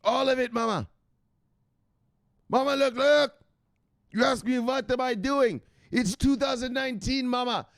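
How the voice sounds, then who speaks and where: A man voicing an excitable crypto-obsessed man who yells at his mother and keeps repeating himself. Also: extremely high pitch, unhurried, vocal fry, pauses often, no echo, clean studio sound, pitched above the performer's own voice, heavily acted. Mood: hyped shouting. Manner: shouting, hyped, repeating "look, look".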